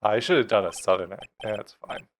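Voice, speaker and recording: A man's voice: lowish voice, brisk, slight background noise. A man giving casual, joking let's-play commentary with dry asides. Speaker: gameplay commentator. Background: game music.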